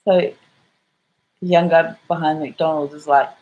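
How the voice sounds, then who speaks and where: Aussie woman rambling through a story, swears a lot, lowish voice. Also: fairly even intonation, a little slow, narrow, tinny audio. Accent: Australian. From Australia. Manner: rambling, swearing, full of fillers. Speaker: vlogger. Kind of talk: casual storytelling.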